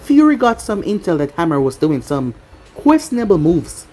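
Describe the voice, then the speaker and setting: A wry, tough spy woman, speaking dryly in a storybook reading, as a narrator reads her part. The voice is low and husky, and it rises and falls a great deal. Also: very animated, moderate pace, mellow, soft background music.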